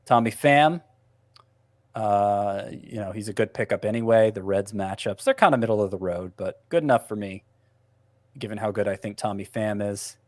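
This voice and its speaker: A man's voice: lowish voice, normal speed, a little mellow, dry recording. A man giving fantasy baseball picks in casual podcast chat, wry and self-mocking, thinking aloud as he goes.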